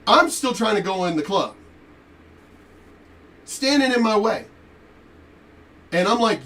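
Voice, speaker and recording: A man telling a story in a profane, animated rant while commenting on a reaction video. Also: high-pitched, moderate pace, pauses often, recorded from a distance. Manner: animated, profane, laughing asides.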